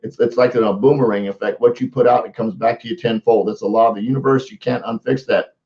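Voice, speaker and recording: A man's voice: medium pitch, steady tone, fast talker, highs cut off. A man coaching viewers in a casual live social media talk, often repeating words and restarting his sentences. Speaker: motivational coach.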